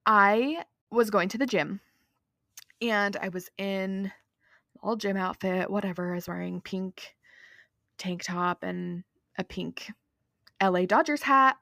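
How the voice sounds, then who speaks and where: A woman's voice: medium pitch, slow, vocal fry, pauses often, pushed and bright, no echo, studio quality. A young woman from Utah hosting a podcast, chatting in a bubbly storytelling way. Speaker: podcast host. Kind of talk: casual solo podcast chat.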